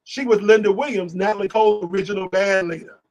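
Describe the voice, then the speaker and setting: A man telling animated stories on a live stream, acting out the people he quotes. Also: sits high, quick pace, low-quality recording. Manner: lively, talks over himself, acts out quotes.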